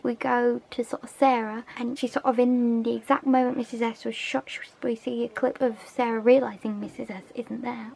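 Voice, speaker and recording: A young woman recapping a TV episode in a casual vlog, excitable and chatty, full of "like" and "sort of". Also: fairly high pitch, a little fast, vocal fry, few pauses, rough recording. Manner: excitable, retells scenes with lots of "like" and "sort of". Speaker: TV episode reviewer.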